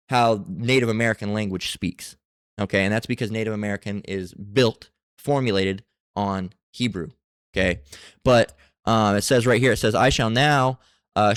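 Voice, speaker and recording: A man giving a casual scripture lesson, reading passages aloud and talking in a halting way with many fillers and restarts. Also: fairly low pitch, clear, resonant tone, dry recording, clean studio sound. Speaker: religious teacher.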